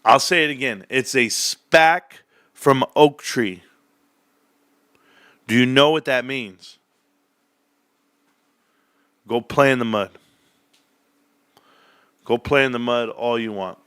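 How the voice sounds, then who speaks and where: A man's voice: mid-range voice, moderate pace, pauses often, a bit bright, smooth, no room sound, studio quality. A man hosting a live stream, reading chat and ranting in a sarcastic, heated, emphatic way. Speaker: livestream host reading chat. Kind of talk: live-stream rant about stocks.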